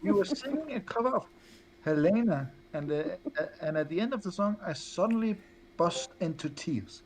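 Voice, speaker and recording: Deadpan young man reading aloud. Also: high voice, normal speed.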